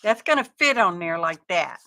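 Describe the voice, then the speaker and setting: A woman's voice: lowish voice, animated, normal speed, bright, forceful tone. A woman, chatting casually to viewers while she crafts on a live stream. She is self-deprecating and talks through each step as she works. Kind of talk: casual craft livestream chat.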